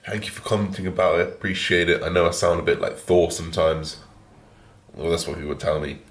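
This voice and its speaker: A man with a deep, slightly raspy morning voice, chatting frankly as a fitness vlogger and swearing now and then. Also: flat delivery, brisk, reverberant. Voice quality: deep, a little raspy from waking. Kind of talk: casual vlog chat. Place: at home just after waking, echoey room.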